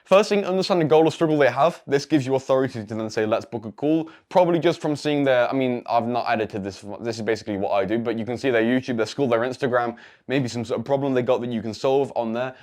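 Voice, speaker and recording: Here the same sort of speaker appears: a teenage English male coaching creator giving a blunt, rambling screen-share tutorial on coaching, heavy on slang and curse words, inside a room lit by a projector. His mid-range, slightly mellow voice moves fast.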